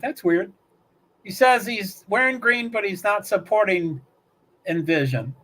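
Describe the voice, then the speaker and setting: A man's voice: high-pitched, measured pace, fairly bright tone. A man hosting a livestream, chatting casually and rambling as he thinks aloud while watching a race. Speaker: livestream host. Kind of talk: casual commentary.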